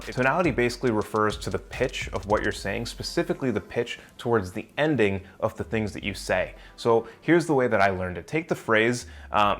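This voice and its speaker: A young man giving blunt, emphatic advice in a casual vlog, talking straight to the viewer and swearing now and then. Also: lowish voice. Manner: talks directly to the viewer in a coaching way. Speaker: self-improvement vlogger.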